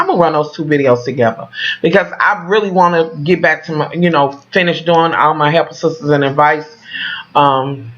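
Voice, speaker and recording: Profane, rambling woman vlogger, bright voice. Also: fairly low pitch. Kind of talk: casual vlog rant to viewers. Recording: dull lo-fi sound.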